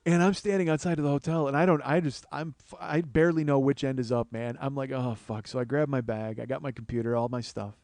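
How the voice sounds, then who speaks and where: A man's voice: medium pitch, steady tone, quick pace, few pauses, a little mellow, no room sound. A man hosting a comedy podcast, telling a rambling, profane, self-mocking personal story.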